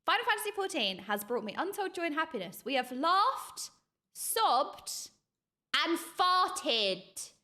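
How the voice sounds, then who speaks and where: Woman, streamer, excitable, laughs a lot, very high voice, bouncy intonation. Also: measured pace. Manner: excitable, laughs often, talks to chat. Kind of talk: live-stream reaction chat.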